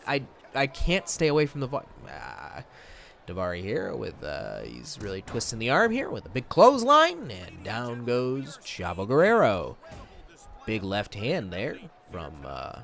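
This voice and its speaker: A young Michigan man with a medium, sing-song, creaky voice and a fairly bright tone casually commentates a wrestling video game at normal speed. He rambles, cuts himself off, and drifts into goofy voices over slight background noise.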